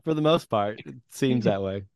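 A man's voice: fairly low pitch, expressive, moderate pace, gravelly, dry recording, studio quality. A man hosting a podcast in casual chat, wry and a little hesitant, with frequent fillers. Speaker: podcast host.

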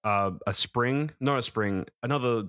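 A man's voice: medium pitch, moderate pace, fairly bright tone, no room sound, studio quality. A man co-hosting a podcast, reviewing films in a rambling casual chat, correcting himself and swearing freely. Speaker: podcast co-host, film reviewer.

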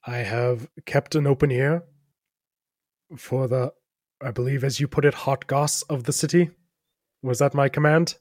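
A man's voice: medium pitch, steady tone, unhurried, pauses often, darkish tone, no room sound, studio quality, natural voice. A man voicing a weary, dutiful dragonborn knight who speaks in a stiff, formal way.

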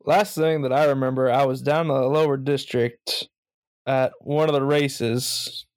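A man's voice: mid-range voice, fairly even intonation, measured pace, dry recording. Laid-back man playing a tabletop game. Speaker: player. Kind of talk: casual tabletop play.

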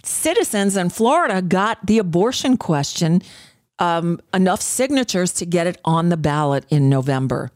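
A woman's voice: on the low side, animated, moderate pace, darkish tone, no room sound, clean studio sound. A woman hosting a radio talk show, giving a blunt, profane, sarcastic political monologue with frequent fillers and restarts.

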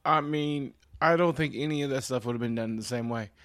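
A man's voice: mid-range voice, fairly quick, fairly bright tone, no echo, studio quality. A man co-hosting a casual podcast, joking and riffing with lots of fillers and restarts. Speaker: podcast co-host. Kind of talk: casual chat.

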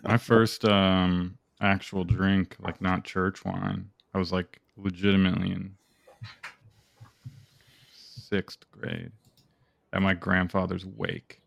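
A man's voice: deep voice, level tone, slow, vocal fry, long pauses, dry recording, highs cut off. A young man in casual podcast chat, telling stories in a rambling, profane way with plenty of fillers. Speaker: podcast co-host.

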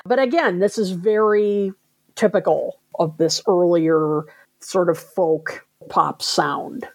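A woman's voice: on the low side, steady tone, no echo. A woman co-hosting a podcast, reacting eagerly and chatting about old songs. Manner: enthusiastic, quick to react. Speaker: podcast co-host. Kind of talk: casual chat about music charts.

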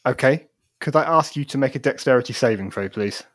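A man's voice: medium pitch, brisk, fairly bright tone, no room sound, clean studio sound. A man running a tabletop game as game master, polite and a bit rambling.

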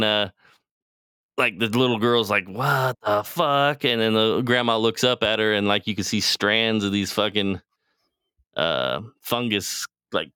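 A man's voice: fairly low pitch, bright, forceful tone, clear, resonant tone, no room sound, clean studio sound. A man co-hosting a podcast, casually retelling a TV show in a rambling, profane way and acting out the characters' lines. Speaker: podcast co-host.

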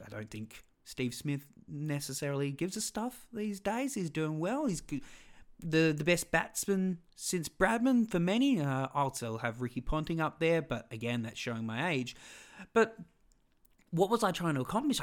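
An Australian man in his thirties hosting a solo podcast, talking in a rambling, self-deprecating way full of digressions. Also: on the high side. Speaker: podcast host.

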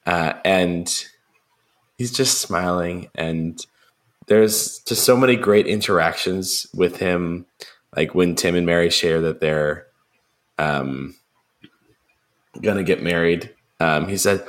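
A man's voice: low voice, takes it slowly, long pauses. A young man co-hosting a podcast, chatting casually about a film with many ums and restarts, acting out lines. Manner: rambling, lots of ums, acts out film lines in a raised voice. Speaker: podcast co-host.

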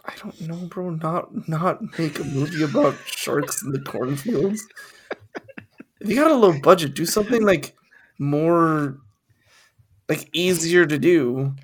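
A man's voice: fairly high pitch, lively intonation, measured pace, breathy edge. A young man co-hosting a podcast, rambling and swearing casually as he riffs on ideas and laughs at his own jokes. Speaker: podcast co-host. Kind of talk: casual chat.

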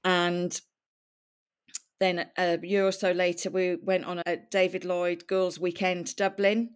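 Guesting on a podcast, a middle-aged woman from Wales talks candidly and chattily through her life story, laughing often. Her lowish voice is clear and resonant, with a level tone and unhurried delivery.

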